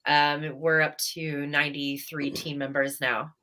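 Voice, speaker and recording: A woman's voice: low-pitched, little pitch movement, measured pace, bright, forceful tone. A woman guest talking casually on a radio show about training staff for ghost hunts, easygoing and chatty. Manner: chatty, easygoing, with many fillers and laughs.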